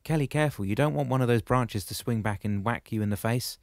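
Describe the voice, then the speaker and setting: Narrator doing earnest young guy shouting a warning, pitched up, dry sound. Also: very slow, no echo. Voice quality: calling out, raised voice. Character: cautious younger man, earnest.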